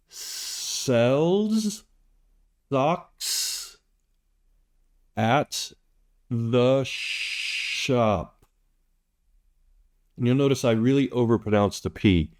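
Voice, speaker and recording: A man's voice: lowish voice, dark tone. A man teaching English pronunciation, saying practice sentences word by word with heavy emphasis and explaining between them with many fillers. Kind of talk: slow, deliberate pronunciation lesson.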